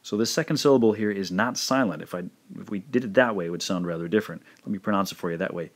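A man narrating a recorded language lesson, speaking slowly and carefully and repeating each pronunciation. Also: on the low side. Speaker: language teacher.

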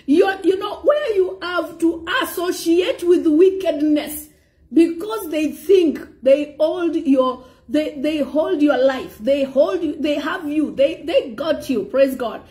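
A woman preaching a sermon, animated, slipping Swahili phrases in among frequent praises to God. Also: high-pitched, takes it slowly.

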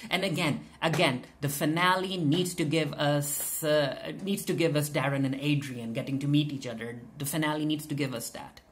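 A woman with a low, relaxed voice recaps a TV episode in a casual commentary. She talks off the cuff, full of filler sounds and false starts. She drops quoted lines from the characters into her retelling. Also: normal speed, few pauses. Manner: chatty, many filler "uh"s and restarts, retells scenes with quoted lines. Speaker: TV recap reviewer.

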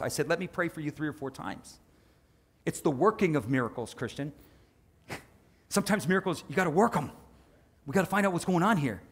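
A male pastor preaching a sermon in a lively, conversational way, with quick asides and sudden shifts in volume. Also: fairly high pitch, slightly rough.

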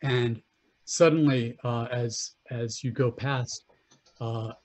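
A man narrating as game master of a tabletop game, halting and restarting as he describes scenes. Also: mid-range voice, fairly even intonation, darkish tone. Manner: halting, full of fillers and restarts.

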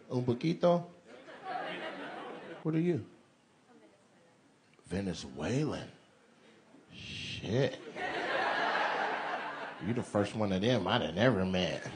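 A man doing stand-up crowd work, teasing audience members with playful banter on a comedy club stage. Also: medium pitch. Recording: live club with loud crowd. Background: audience laughter.

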